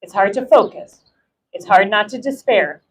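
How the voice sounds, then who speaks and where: A woman's voice: mid-range voice, moderate pace, slight background noise, rough recording. An American woman giving an impassioned rally speech, emphatic and building through repetition. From United States. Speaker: rally speaker.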